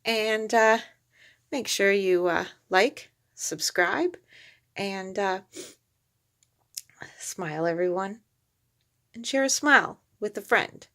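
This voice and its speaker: A woman hosting a video, reading a storybook aloud with chatty relaxed asides. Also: medium pitch, slow pace, long pauses. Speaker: reborn doll collector and video host. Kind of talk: storybook read-aloud with hand puppets.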